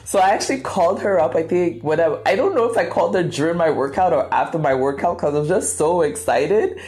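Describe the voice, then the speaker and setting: A woman hosting a podcast, telling a story in a casual, animated way and acting out quotes dramatically. Her first language is Cree. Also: fairly low pitch, fast talker. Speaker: podcast host.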